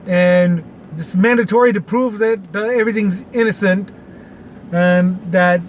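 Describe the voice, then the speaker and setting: With a high voice and a little hiss or hum on the recording, this podcast host, a late-forties man from Texas, runs a casual opinion show. His delivery is folksy and wandering, full of fillers.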